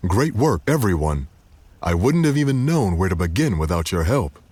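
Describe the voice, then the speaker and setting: Man playing a grounded hero, low and husky, very dry close sound. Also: sing-song, normal speed, darkish tone, no echo, full character voice. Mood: proud. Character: proud, steady male earth hero.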